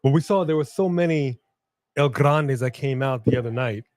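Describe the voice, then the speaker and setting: A man co-hosting a live wrestling watch-along stream in casual chat, loosely joking and reading out viewer shout-outs. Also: medium pitch, normal speed, no room sound.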